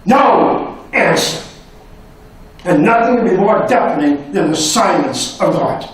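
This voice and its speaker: A man's voice: high-pitched, expressive, unhurried, recorded from a distance. A man, a professor, giving a dramatic public lecture full of rhetorical questions, his voice sinking to near-whispers at emotional points. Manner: dramatic, impassioned delivery with many rhetorical questions. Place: university lecture hall. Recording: echoey hall recorded from afar.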